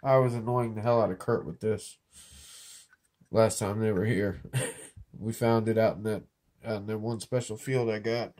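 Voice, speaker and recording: A man's voice: lowish voice, fairly even intonation, normal speed, long pauses, a little mellow. A man with a cold, showing off his finds in a laid-back, joking, slightly rambling way. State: has a cold, clearing throat. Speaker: metal detecting vlogger. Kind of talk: casual show-and-tell. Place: indoors in an office.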